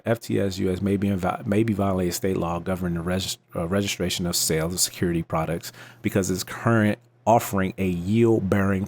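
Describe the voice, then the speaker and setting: Man, very low voice, gravelly, casual news commentary, loose and chatty, slangy asides. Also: darkish tone. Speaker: crypto channel host.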